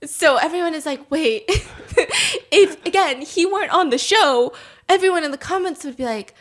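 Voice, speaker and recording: A high-pitched woman in her thirties hosts a casual talk show. She tells stories in a lively way, laughs often, and acts out the lines of the people she talks about. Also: moderate pace. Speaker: podcast host. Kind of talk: casual storytelling chat.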